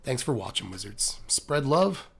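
A man hosting a video, hoarse and scratchy from laryngitis, rambling and joking through his sign-off. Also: mid-range voice, sing-song, unhurried. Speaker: host. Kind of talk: casual video outro.

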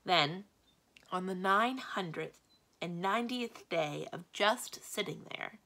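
A woman librarian reading a children's novel aloud, telling the story with steady, expressive narration. Her voice is lowish and bright, with a gravelly texture. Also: slow pace.

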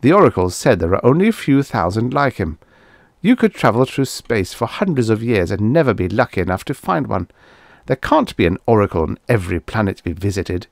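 A man's voice: fairly low pitch, very animated, fairly quick, vocal fry, no echo, clean studio sound. A man voicing a greedy, stubborn spaceman who talks eagerly in a raised voice. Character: greedy, power-hungry male spaceman.

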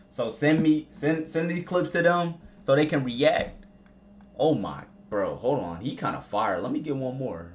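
A young man streaming live as he reacts to rap songs, excitable and slangy, repeating himself. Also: medium pitch.

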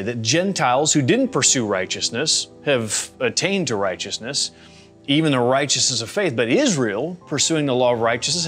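Casual, animated man teaching the Bible. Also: mid-range voice. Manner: conversational, animated, acts out people's reactions. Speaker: pastor. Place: church gathering.

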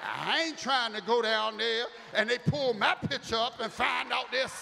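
A man preaching as bishop, telling a story in an animated way and acting out the voices. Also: very high-pitched, normal speed, gravelly, noisy background. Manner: animated, acts out voices, builds to shouting. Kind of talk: storytelling sermon. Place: large church sanctuary. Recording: echoey church hall, faint ambience.

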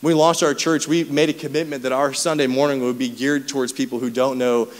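Pastor, male, quick casual preacher with frequent laughs, long hall reverb. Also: mid-range voice. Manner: casual storytelling, laughs often, animated. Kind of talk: sermon. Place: church auditorium.

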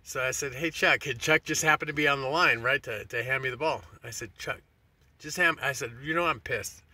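A man's voice: medium pitch, fairly quick, sharp tone, no room sound. A middle-aged man telling a rambling, profane story in a casual monologue, restarting his sentences often. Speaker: vlogger.

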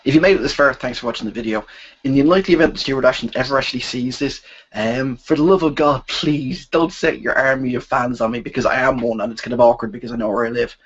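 A man with a husky, breathy voice speaks in a deadpan, mock-solemn way while reviewing food for comedy. His voice sits at an ordinary pitch. The sound is dull and lo-fi, as if taken from an old web video. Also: fast talker.

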